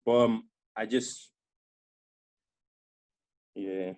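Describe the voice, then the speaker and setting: Earnest, halting man. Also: fairly low pitch, steady tone, a little mellow. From Nigeria. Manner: earnest and halting, with many restarts. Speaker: panel guest. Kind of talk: personal storytelling on a panel.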